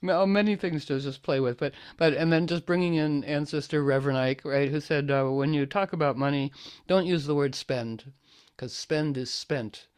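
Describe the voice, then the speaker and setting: A man's voice: fairly high pitch, normal speed, clean tone. A man leading a casual group chat, hesitant with many fillers, sometimes reading aloud with feeling. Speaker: discussion leader.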